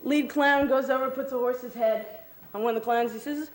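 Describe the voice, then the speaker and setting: High-voiced woman acting out a long joke. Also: steady tone, moderate pace, rough recording. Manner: acts out characters with big jumps in pitch. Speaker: stranger telling a joke. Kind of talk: animated joke telling. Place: outdoors on a city street. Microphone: camcorder microphone.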